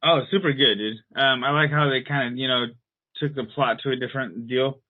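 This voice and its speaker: A man co-hosting a podcast in rambling casual chat, with an irritated throat and frequent throat clearing. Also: mid-range voice, steady tone, fairly quick, no room sound, narrow, tinny audio. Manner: rambling, filler-heavy, clears throat often. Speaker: podcast co-host.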